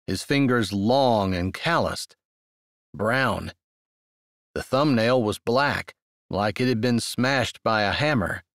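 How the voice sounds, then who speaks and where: A man narrating a romance novel in an expressive, unhurried storytelling manner, close on the mic. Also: mid-range voice, no echo. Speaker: audiobook narrator. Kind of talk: scripted narration.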